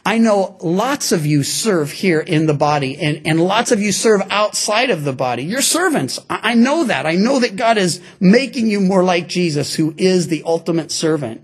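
A male pastor delivers a sermon to his congregation in a husky, fairly high voice. His pitch swings widely as he tells the story and slips into the voices of its characters. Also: normal speed, hardly any pauses. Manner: animated, acts out voices of people in stories. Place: church before a congregation.

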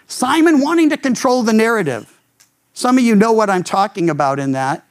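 Pastor, male, lively sweeping delivery that jumps up to voice the people he quotes. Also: brisk. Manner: animated, acts out quoted speakers with big pitch jumps. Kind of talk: expository sermon.

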